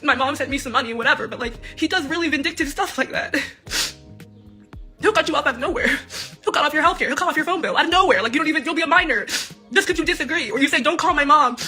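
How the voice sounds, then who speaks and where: A twenty-year-old woman speaking out in an emotional, unscripted monologue, rambling and halting, with nervous laughs. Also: high voice, sharp tone, faint music behind. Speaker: daughter speaking out in a personal video.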